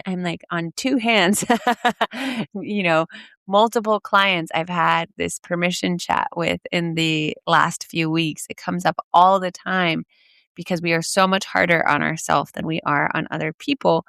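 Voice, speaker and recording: A woman's voice: on the low side, fairly bright tone, smooth, no room sound, studio quality. A woman hosting her own podcast, talking casually as a coach, chatty with lots of "like" and "you know", laughing now and then. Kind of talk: casual solo podcast talk.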